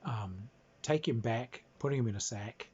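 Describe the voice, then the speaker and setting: Husky man telling an amused anecdote. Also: medium pitch, normal speed, a little mellow. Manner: amused, rambling, chuckling. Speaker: player recounting a game. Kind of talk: casual anecdote. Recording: dull lo-fi recording.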